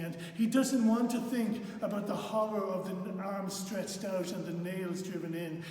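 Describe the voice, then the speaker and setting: A man slowly retelling a scripture story in an earnest, halting way, often repeating words. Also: high-pitched, a little mellow. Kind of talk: spoken Bible retelling. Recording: echoey hall from far off.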